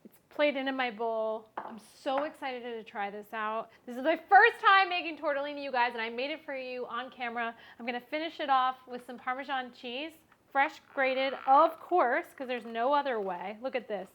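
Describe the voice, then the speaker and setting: Bubbly high-voiced woman cooking vlogger. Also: normal speed. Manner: bubbly, chatty, gushing. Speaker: home cook host. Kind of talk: casual cooking vlog. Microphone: clip-on mic.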